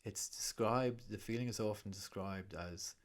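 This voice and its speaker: A man guiding a breathing meditation in a soft, calm, half-whispered voice, then chatting as a guest. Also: fairly low pitch, normal speed. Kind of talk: guided breathing meditation and chat.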